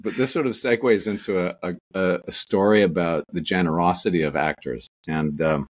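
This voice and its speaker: A deep-voiced Canadian man with a husky edge talks at length as an interview guest. He rambles from one anecdote to the next, restarting sentences and leaning on fillers. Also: normal speed. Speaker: actor guest. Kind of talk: casual interview storytelling.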